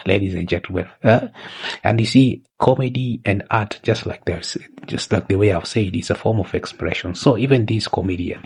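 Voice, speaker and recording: A man with a very deep, gravelly and husky voice, commenting on comedy clips. He keeps calling his viewers ladies and gentlemen. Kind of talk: reaction commentary.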